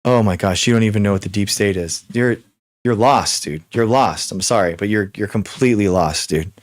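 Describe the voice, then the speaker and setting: A young man hosting a live stream, answering chat questions in a rapid, repetitive, exasperated way with many restarts. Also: on the low side, dry recording, clean studio sound. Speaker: livestream host. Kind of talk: live Q and A chat reading viewer comments.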